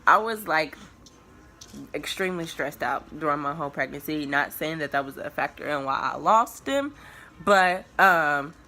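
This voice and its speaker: Young woman in her 20s doing a storytime vlog, lowish but bright voice, rambly and chill. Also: moderate pace, a little hiss or hum. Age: early 20s. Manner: rambling, with many filler words and restarts; relaxed, confiding tone addressed to viewers. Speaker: vlogger telling a personal story. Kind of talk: casual storytime monologue.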